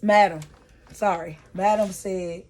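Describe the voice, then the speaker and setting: A woman casually recapping TV episodes for her vlog, chatty and slangy with plenty of profanity, her pace and loudness often shifting. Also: mid-range voice, steady tone, takes it slowly. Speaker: vlogger reviewing a TV series.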